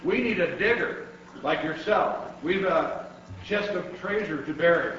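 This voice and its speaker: A man voicing a loud, blustery pirate captain in a storybook reading. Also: measured pace, very echoey, recorded from a distance, lo-fi sound, slight background noise. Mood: booming. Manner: booming, shouted.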